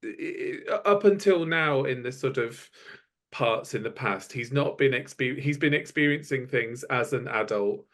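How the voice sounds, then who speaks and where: A man's voice: medium pitch, unhurried, fairly bright tone. Hesitant man musing about a film. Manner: thoughtful, hesitant, stammers. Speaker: podcast guest. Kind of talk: casual film discussion.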